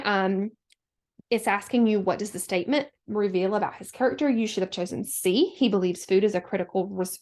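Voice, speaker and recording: A woman teacher giving a recorded lesson, talking students through the steps in a steady, instructional way with frequent fillers. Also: medium pitch.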